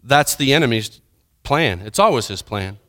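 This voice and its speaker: A man preaching a sermon, retelling a scripture story with dramatic swings from urgent, loud passages to hushed, quiet ones. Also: mid-range voice, animated, normal speed, dry recording, studio quality.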